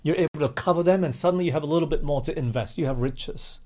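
A man's voice: fairly high pitch, fast talker, a little mellow. A man preaching a sermon with impassioned, rising and falling emphasis, addressing his listeners as friends.

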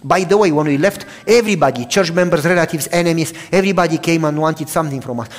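A preacher from Romania with a Romanian accent, giving a sermon with personal testimony, dramatic, shifting from loud outbursts to hushed telling. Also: male voice, a little high, fast talker, few pauses, long reverb tail.

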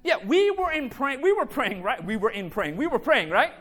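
A man with an unusually high voice delivers a testimony sermon. He tells his story through back-and-forth dialogue and now and then calls out to the congregation for a response. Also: big pitch swings, moderate pace, fairly bright tone. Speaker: speaker giving a faith testimony.

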